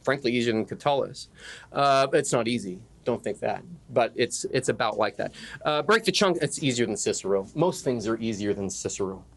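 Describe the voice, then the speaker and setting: In a conference classroom, a middle-aged man gives a lively lecture on Latin poetry, joking with the room and chanting the meter's beats aloud. His mid-range voice is creaky and fairly bright, with lively intonation and a slightly fast pace.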